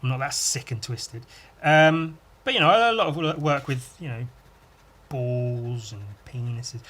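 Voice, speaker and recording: A man's voice: medium pitch, a little slow, fairly bright tone. Crude, rambling male podcaster. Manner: crude, rambling, self-mocking jokes. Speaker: podcast host and illustrator. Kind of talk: casual drawing-podcast monologue.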